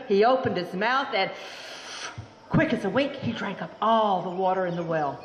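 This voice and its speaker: A woman storyteller telling a folk tale live, animated and theatrical, inviting the audience to join in. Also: mid-range voice, normal speed, muffled recording. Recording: roomy hall with long echo, faint room noise.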